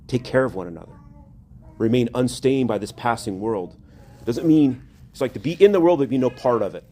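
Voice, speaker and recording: A man's voice: medium pitch, lively intonation, fairly quick, mellow. A male priest preaching a sermon, earnest and rising to emphatic exhortation.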